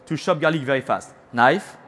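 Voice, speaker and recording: A man's voice: mid-range voice, moderate pace, fairly bright tone. A man from France with a French accent, a chef giving a chatty live cooking demonstration on a trade show stage, teasing the audience and slipping into French phrases.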